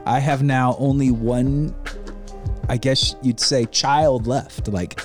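A man's voice: mid-range voice, steady tone, slow, faint music behind. A man, co-hosting a casual podcast chat and telling stories with animation and casual swearing. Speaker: podcast co-host.

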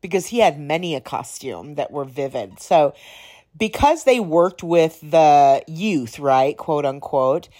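A woman hosting a podcast, telling stories in a casual, rambling way, slightly hoarse and clearing her throat now and then. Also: sits low, animated, a little slow, dark tone. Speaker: podcast host. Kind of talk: casual storytelling.

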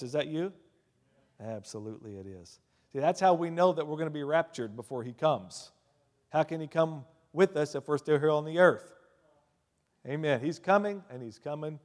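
A male preacher delivering a sermon in a large church hall, his voice trailing off in a long reverb. He sits a little higher than most men, dropping to near-murmurs and then surging into loud, ringing declarations. Hallelujahs and amens punctuate his points. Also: lively intonation, moderate pace. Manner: swings between hushed asides and loud emphatic declarations; calls out hallelujah and amen between points.

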